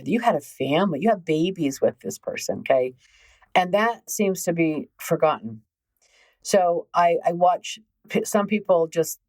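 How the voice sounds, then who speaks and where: With a deep, slightly mellow voice captured in a rough recording, this middle-aged relationship healing coach hosts her podcast. She talks in a casual, emphatic way, stressing points by repeating words.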